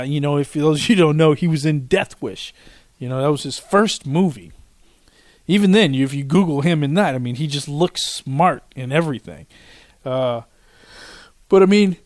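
A man's voice: on the high side, no room sound, clean studio sound. A man hosting a solo podcast, telling a rambling story with lots of restarts and asides. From Washington, D.C. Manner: rambling, repeats himself, animated storyteller. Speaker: podcast host.

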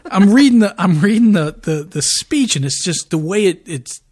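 A middle-aged man co-hosting a podcast in casual chat, a rambling storyteller who gets animated and laughs often. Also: sits high, normal speed. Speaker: podcast co-host.

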